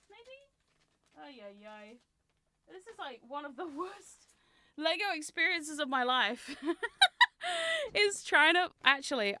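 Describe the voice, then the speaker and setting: A woman streaming from her desk in casual chat, giggly and chatty with loud squealing exclamations, on a close microphone. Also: high-pitched, slight background noise. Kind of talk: casual chat while building.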